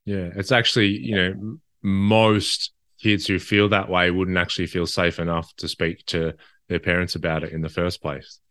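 A man with a very deep voice talks in an easygoing, reflective way, leaning on casual fillers. The sound is dry and close, with no room around it. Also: little pitch movement, normal speed, a bit bright, dry recording. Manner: easygoing, reflective, uses fillers like "you know". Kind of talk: casual conversation.

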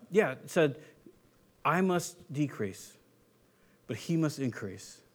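An earnest male preacher delivering a sermon in a fairly high voice. He swings between loud, pressing appeals and quiet, low-voiced reflection.

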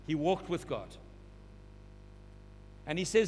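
A man's voice: high voice, moderate pace, pauses often, a bit bright. A man preaching a sermon, repeating phrases and building to urgent emphasis. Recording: long hall reverb, faint hum.

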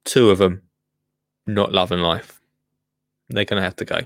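In clean, echo-free studio audio, a man with a low, steady voice talks at a moderate pace. He's casually reacting to a gardening clip, joking around and wandering into many asides.

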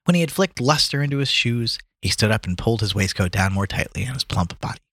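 A man's voice: medium pitch, fast talker, dry recording. A man reading a story aloud on a podcast, putting on voices for the characters and stumbling now and then before explaining the notes in a casual way. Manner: reads aloud with lively put-on voices for characters, stumbling over words. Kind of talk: casual reading and chat about a book.

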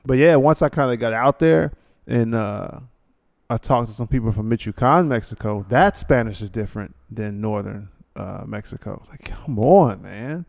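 Gravelly laid-back male podcast host. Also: fairly low pitch, moderate pace, dry recording, clean studio sound. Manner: laid-back, rambling, laughs often, slangy. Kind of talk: casual chat.

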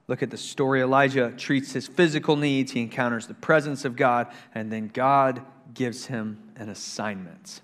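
A male pastor preaching a sermon in a church, swinging between loud, excited preaching and hushed intensity, emphatic and repetitive. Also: medium pitch, moderate pace, few pauses. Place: church sanctuary. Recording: long reverb of a large hall.

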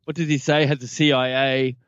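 A man's voice: medium pitch, level tone, fairly quick, smooth, no echo, muffled recording. A man co-hosting a podcast, eager and agreeable in casual chat. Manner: eager, agreeable, laughing along. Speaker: podcast co-host.

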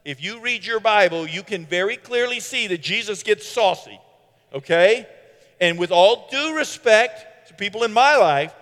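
A man preaching a sermon in an animated way, with sarcastic asides, swinging from loud to hushed. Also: sits high, moderate pace, long reverb tail.

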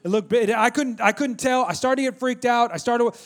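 A middle-aged pastor with a notably high voice delivers a sermon through a lively personal story. He talks in an animated, conversational way and keeps calling out to the congregation to draw them in. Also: fairly quick.

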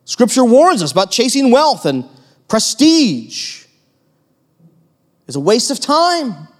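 Animated male preacher in a reverberant hall. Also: very high voice, takes it slowly. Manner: animated, acts out quoted voices, asks the congregation questions. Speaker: pastor. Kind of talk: sermon. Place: church hall with long reverb.

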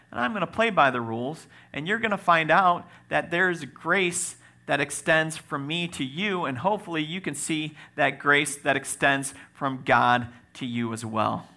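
A man preaching a sermon as pastor, swinging from loud exclaims to quiet asides, with joking moments. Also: on the high side, a little slow.

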